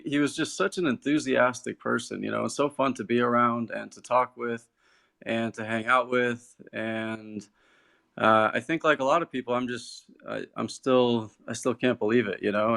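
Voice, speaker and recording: Earnest man with a gravelly voice. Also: mid-range voice, fairly bright tone. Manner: earnest, measured, halting. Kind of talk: casual conversation.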